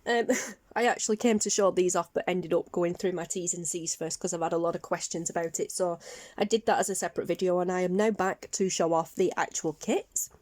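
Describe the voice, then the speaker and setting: A craft vlogger with a Northern English accent chats casually through a show-and-tell, rambling with plenty of ums and small self-corrections. Her voice is lowish, steady, and darkish, she talks fairly quickly, and there's no echo.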